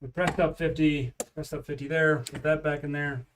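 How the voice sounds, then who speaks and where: A man talks casually to his stream from home while throwing dice, calling out each roll and bet as he goes. His voice sits a touch high. He is slightly away from the mic, so the sound is a bit distant. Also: steady tone, moderate pace, a bit bright, slight background noise. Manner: chatty, calls out dice rolls and bets. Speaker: streamer practicing craps. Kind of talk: casual live-stream chat.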